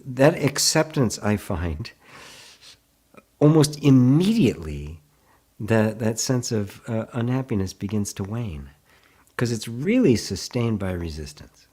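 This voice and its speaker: Husky-voiced man giving gentle spiritual teaching. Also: lowish voice, big pitch swings. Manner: gentle, unhurried, laughs often between thoughts; answers viewer comments aloud. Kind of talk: live online satsang teaching.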